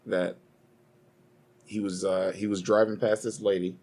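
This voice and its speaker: Young man, podcast co-host, fairly low voice, profane rambling chat. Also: level tone, a little slow, a little mellow. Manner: profane, rambling, heated storytelling.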